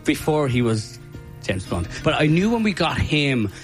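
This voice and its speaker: An Irish man who organizes a music night tells stories in a casual interview, chatty and animated, with lots of fillers. His voice is a little high and his pace moderate.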